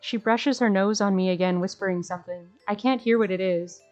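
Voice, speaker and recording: A woman's voice: medium pitch, brisk, a little mellow, faint music behind. A woman streamer reading a visual novel aloud in an earnest, emotional way, breaking off to gush at the screen.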